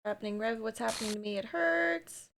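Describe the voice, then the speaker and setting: A woman's voice: on the high side, animated, a little fast, vocal fry, a bit bright, a little hiss or hum, exaggerated voice. A woman reading as a heartbroken, betrayed game girl. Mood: pleading. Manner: pleading, then bitter and accusing.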